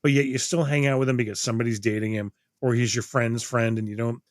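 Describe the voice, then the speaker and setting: A man's voice: medium pitch, fairly even intonation, fast talker, few pauses, dry recording, studio quality. A middle-aged man reviewing a movie in casual podcast chat, rambling, swearing freely and acting out quotes. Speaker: podcast co-host.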